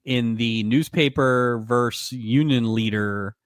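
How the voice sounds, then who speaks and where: A man's voice: medium pitch, slow, dry recording. A man co-hosting a podcast, chatting casually in a wry tone and laughing often. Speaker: podcast co-host. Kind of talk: casual chat.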